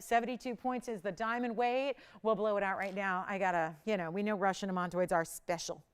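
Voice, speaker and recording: Smooth-voiced bubbly woman shopping host. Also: fairly high pitch. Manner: bubbly, fast sales patter with laughs. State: out of breath. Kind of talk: live jewelry auction selling.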